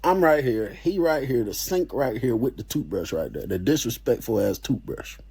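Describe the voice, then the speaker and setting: A man telling a story in a casual, animated way, full of slang and swearing. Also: mid-range voice, moderate pace, husky.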